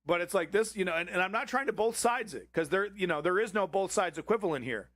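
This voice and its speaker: A man's voice: high voice, expressive, fast talker, fairly bright tone, no room sound, clean studio sound. A man hosting a livestream, reacting to a political clip with angry, profanity-filled ranting. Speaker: livestream host.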